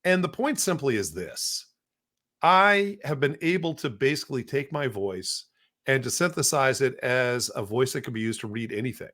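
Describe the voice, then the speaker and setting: A middle-aged man hosts a casual podcast at an average pitch for a man. He rambles, repeats words and restarts his sentences as he explains what he is doing. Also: expressive, moderate pace, a bit bright. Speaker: podcast host.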